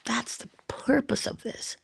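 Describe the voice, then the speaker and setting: A woman giving an inspirational monologue to her listeners. She speaks deliberately, addresses them directly and drops into whispers for emphasis. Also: no echo. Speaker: motivational speaker.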